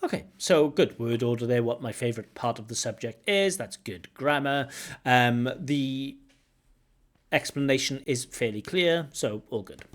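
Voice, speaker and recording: A man's voice: mid-range voice, animated, a little slow. Frank male examiner giving feedback. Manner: frank, corrective teaching tone. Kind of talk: commentary on a recorded speaking test. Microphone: video call.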